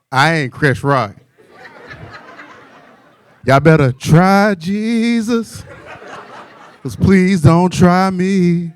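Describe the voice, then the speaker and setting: A man's voice: medium pitch, fairly bright tone, clear, resonant tone. A man doing stand-up comedy with playful, teasing banter aimed at the audience.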